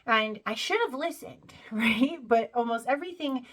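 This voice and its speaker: A woman's voice: fairly high pitch, animated, moderate pace, fairly bright tone. A woman talking casually to her viewers, chatty and conversational, often checking in with "you know" and "right?". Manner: laughs while telling the story. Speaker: spiritual video creator. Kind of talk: casual monologue to camera.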